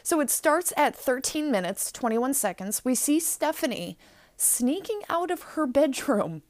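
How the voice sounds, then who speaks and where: Chatty lady podcaster recapping stuff, kinda high voice, dry close sound. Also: a little slow, dry recording. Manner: chatty, animated storytelling. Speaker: podcast host. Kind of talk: casual episode recap.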